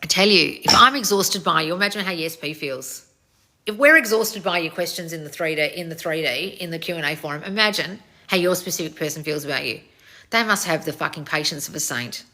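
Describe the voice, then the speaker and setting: A woman's voice: low-pitched, a little fast, bright, forceful tone. A woman hosting a casual live Q&A as a coach, reading out viewer comments and answering them bluntly, swearing often and calling people darling.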